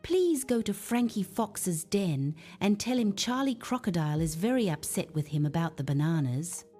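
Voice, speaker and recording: A woman's voice: fairly low pitch, big pitch swings, normal speed, mellow, soft background music. A woman voicing a timid, worried little male trout in a children's storybook.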